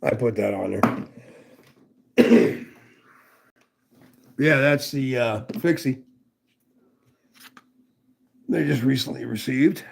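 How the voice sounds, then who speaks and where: A man with a mid-range, gravelly voice and lively intonation speaks extremely slowly, leaving long pauses, over slight background noise. He's livestreaming knife reviews, rambling casually, swearing freely and greeting viewers by name.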